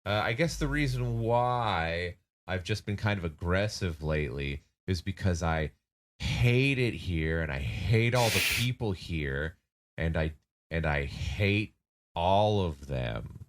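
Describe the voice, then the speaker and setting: A man voicing a bitter young male necromancer who grumbles in a halting, resentful way. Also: low voice, lively intonation, full character voice.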